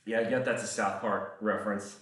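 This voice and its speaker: A man's voice: lowish voice, fairly even intonation, brisk, a bit bright. A man chatting casually on a livestream, rambling and profane, often breaking into laughter. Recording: echoey room, voice far from mic.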